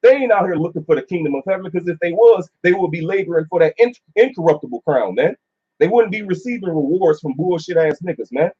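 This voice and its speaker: Leading a casual religious chat among a few men, a teacher preaches scripture at a quick pace in a fairly high, husky voice with lively intonation. Fillers fill his speech, chiefly "uh," and he keeps saying "man." The recording is lo-fi and dull.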